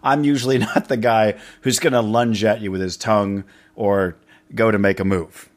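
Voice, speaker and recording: A man's voice: on the low side, fairly even intonation, moderate pace. A man hosting a candid, casual conversation, joking and rambling with frequent restarts. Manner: rambling, jokey, stammering restarts.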